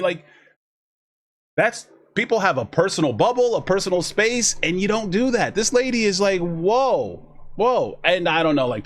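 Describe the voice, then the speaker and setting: A man talking casually to his chat while reacting to a video, rambling, restarting his sentences and acting out what other people said. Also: high-pitched. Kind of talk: casual live reaction commentary.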